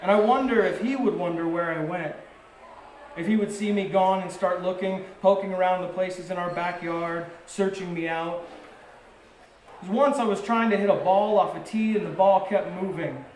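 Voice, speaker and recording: A man giving a live poetry reading at a coffee shop and bar, speaking in measured, short phrases that sometimes build in intensity. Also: high-pitched, darkish tone, slight background noise. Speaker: poet reading his work. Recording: roomy live venue recording.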